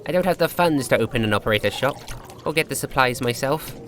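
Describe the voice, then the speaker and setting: Bitter rat creature in a human disguise, mumbles softly and sounds defeated, as a man voices him. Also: mid-range voice, lively intonation, fast, a little hiss or hum, natural voice.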